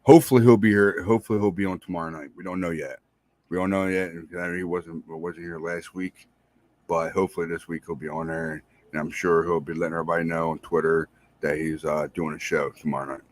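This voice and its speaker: A married man hosting a podcast, giving casual, rambling shout-outs to listeners and repeating himself in a friendly way. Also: low voice, steady tone, fast talker, no echo. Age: adult, married. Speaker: podcast host.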